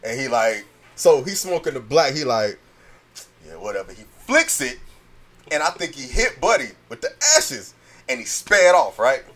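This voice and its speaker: Animated man telling a wild story. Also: mid-range voice, normal speed. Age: 30s. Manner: animated, acts out voices, swears freely. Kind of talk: casual storytelling chat.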